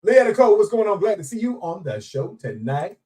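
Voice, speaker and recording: A man's voice: high voice, brisk. A man hosting a live show, chatting casually and playfully with viewers, greeting them by name and laughing often. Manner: animated, laughing, playful Southern Black vernacular. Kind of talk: casual live-stream chat. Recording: voice somewhat distant from mic.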